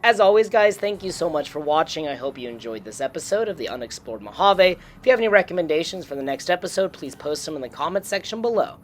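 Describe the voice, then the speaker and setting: A host narrates a walkthrough of a game location in a relaxed, informative way. The voice sits at a middle pitch and keeps up a friendly commentary. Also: quick pace, hardly any pauses, a little hiss or hum. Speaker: YouTube series host. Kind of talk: gameplay narration voice-over.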